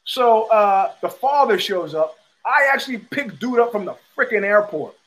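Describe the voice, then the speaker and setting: Middle-aged male host, high-pitched, swearing storyteller who acts out every quote. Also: normal speed, poor audio. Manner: profane, animated storyteller acting out quotes. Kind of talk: storytelling monologue.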